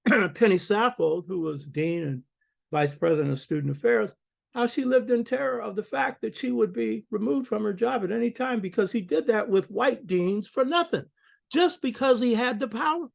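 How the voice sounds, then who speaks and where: Older male lecturer, emphatic preacherly delivery, slightly high-pitched voice. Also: animated, normal speed, gravelly. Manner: preacherly, emphatic, calls out "you hear me?". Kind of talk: public lecture.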